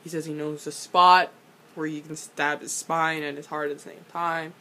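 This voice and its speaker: A young woman casually recapping a TV episode, excitable, swearing freely and breaking into loud laughing rants. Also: low voice, moderate pace.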